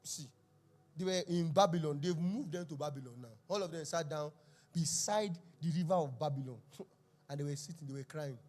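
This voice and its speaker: A man's voice: on the high side, a little fast, a little mellow. A young man preaching a sermon at a church service, telling the story with laughs and exclamations. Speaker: pastor.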